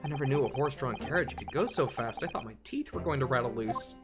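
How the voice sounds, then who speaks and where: A man's voice: mid-range voice, lively intonation, fast talker, over music, natural voice. A man voicing a nervous, wry young Japanese male defense lawyer in a fan voice-over of a game. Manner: anxious and wry.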